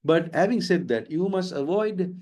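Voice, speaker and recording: A man's voice: high voice, lively intonation, moderate pace, darkish tone. Sri guy lecturing in a webinar, explains stuff, flips into sinhala now and then, middle aged. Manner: explanatory, switches between English and Sinhala. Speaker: IELTS trainer.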